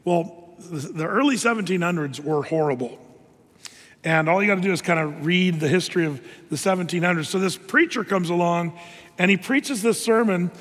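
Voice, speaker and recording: A man's voice: high voice, normal speed, fairly bright tone. A man preaching a sermon in a loose, conversational way, full of fillers and restarts. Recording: long hall reverb.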